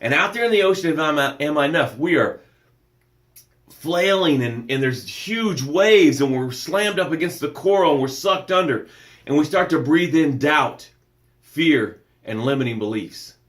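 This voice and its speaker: A man's voice: fairly high pitch, expressive, normal speed, a bit bright, echoey room. A man hosting a live motivational show, speaking with emphatic, preacher-like energy and greeting viewers by name as he reads their comments. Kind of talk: live-streamed motivational talk.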